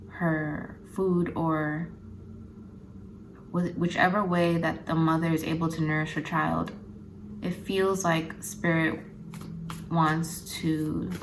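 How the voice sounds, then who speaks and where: A woman doing a spiritual card reading, speaking haltingly and close to tears, often pausing and restarting as emotion overwhelms her. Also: deep voice, a little hiss or hum, low-quality recording. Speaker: intuitive card reader.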